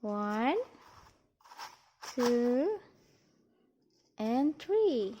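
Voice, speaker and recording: A woman preschool teacher with an Indonesian accent, talking to toddlers in a slow, sing-song, encouraging way. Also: a little high, big pitch swings, dark tone, a little hiss or hum. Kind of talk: toddler lesson. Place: classroom, indoors.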